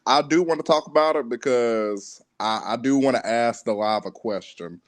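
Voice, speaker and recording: A man co-hosting a casual chat, sassy and quick to laugh. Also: mid-range voice. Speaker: co-host, friend.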